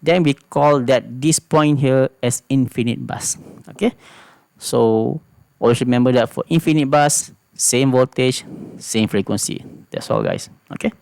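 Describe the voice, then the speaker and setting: A man's voice: medium pitch, measured pace, vocal fry, darkish tone, clean tone, no room sound. A man with a Malaysian English accent giving a recorded engineering lecture, explaining patiently and repeating key phrases with frequent "okay" checks.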